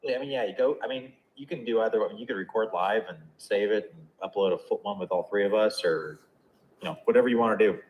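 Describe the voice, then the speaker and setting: A playful man with a fairly low voice, clowning around and joking while co-hosting a casual podcast. Faint noise sits in the background behind his relaxed chatter. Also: fast talker, echoey room, low-quality recording. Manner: playful, joking, goofy mic-test noises. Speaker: podcast co-host.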